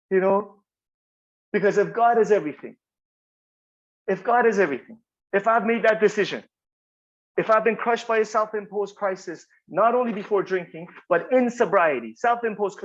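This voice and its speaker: A man with a fairly high voice shares his recovery story as heartfelt testimony. He talks earnestly, circles back over his own phrases, and keeps checking in with "you know?" The recording sounds muffled and lo-fi. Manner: earnest, repetitive, frequent "you know?" and "right?". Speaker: workshop speaker sharing recovery story.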